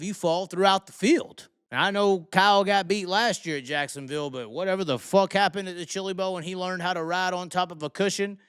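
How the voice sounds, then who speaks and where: Heated Southern man ranting, smooth voice. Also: high-pitched, a bit bright, dry recording, studio quality. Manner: heated, blunt, heavy swearing. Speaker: racing commentator. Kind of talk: profane opinion rant.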